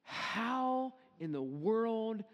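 A man with a high voice preaches a sermon in a lively casual way and acts out quoted lines. His voice carries a long reverb, as in a large hall. He tells the story as if talking with friends. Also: very slow. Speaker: pastor.

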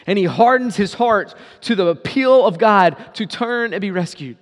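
A man preaching a sermon as a pastor, pleading and swinging from loud appeals to quiet, low asides. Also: a little fast, few pauses, big-room sound.

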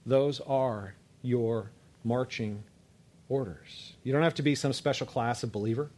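A man preaching a sermon to a congregation, conversational and emphatic, dropping low and soft on key words and checking that listeners follow. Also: a little slow. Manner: conversational, builds to emphatic rises, asks audience to follow; frequent fillers and restarts, drops low and soft on key words.

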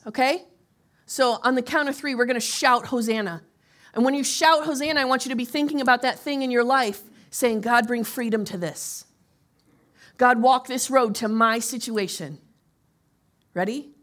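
A woman pastor preaching and leading a congregation in prayer, swinging from soft, near-whispered lines to loud rallying shouts. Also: high-pitched, moderate pace.

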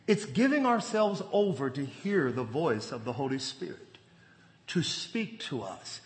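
A man in his forties preaching a sermon, telling stories and rising to loud, emphatic bursts. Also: a little high, big pitch swings, measured pace. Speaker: pastor. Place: church sanctuary. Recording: long hall reverb.

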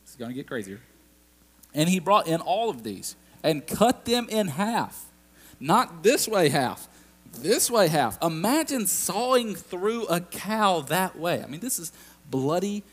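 A man's voice: on the high side, unhurried. Conversational man preaching a sermon. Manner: animated, conversational preaching with asides and acted-out quotes. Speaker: pastor.

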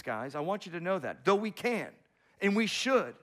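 Man, pastor, sermon, emphatic, repeats key phrases, fairly high voice. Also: very animated, normal speed, fairly bright tone. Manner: emphatic, repetitive preaching with rhetorical questions.

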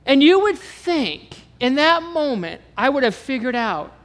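Animated male pastor preaching in reverb. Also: very high-pitched, unhurried. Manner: animated storytelling, acting out dialogue. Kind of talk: sermon.

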